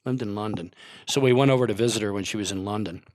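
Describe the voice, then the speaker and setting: A man's voice: fairly low pitch, fast, no room sound. An older man, a guest on a podcast, telling long rambling stories in casual chat and laughing often.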